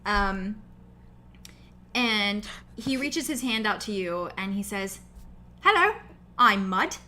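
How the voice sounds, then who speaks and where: A woman's voice: medium pitch, slow pace, pushed and bright. A woman running a tabletop game as game master, narrating casually with lots of fillers, over a video call.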